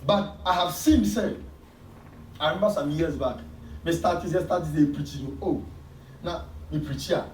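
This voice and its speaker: A man with a Ghanaian accent preaching a sermon as pastor, with sudden loud emphasis. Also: on the high side, measured pace, long pauses, a little hiss or hum. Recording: echoey church hall from far off.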